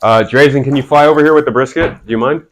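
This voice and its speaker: A woman's voice: very deep voice, quick pace. A woman co-hosting a cooking stream, teasing and laughing in casual chat.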